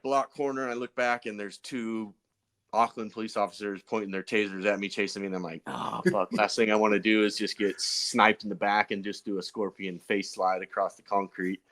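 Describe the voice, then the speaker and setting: A man's voice: lowish voice, flat delivery, a little fast, fairly bright tone. A man, a pro BMX racer guest on a podcast, telling stories in a loose, rambling way full of fillers and restarts. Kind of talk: casual podcast storytelling.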